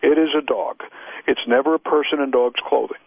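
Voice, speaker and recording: A man's voice: mid-range voice, brisk. A man, a dog trainer and expert witness, speaks as a radio interview guest, emphatic and repeating his points. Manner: emphatic, repeats points, acts out owners' excuses. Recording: dry, husky, phone-like radio line.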